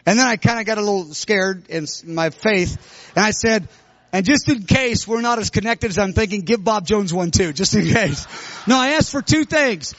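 A middle-aged man preaching, telling a personal story with sudden loud outbursts. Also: high-pitched, moderate pace, no echo, muffled recording. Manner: animated, bursts into loud shouts when retelling. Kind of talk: sermon testimony storytelling.

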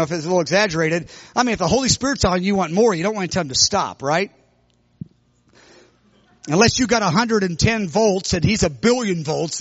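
A middle-aged man preaching, telling a personal story with sudden loud outbursts. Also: high voice, no echo, dull audio. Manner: animated, bursts into loud shouts when retelling. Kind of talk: sermon testimony storytelling.

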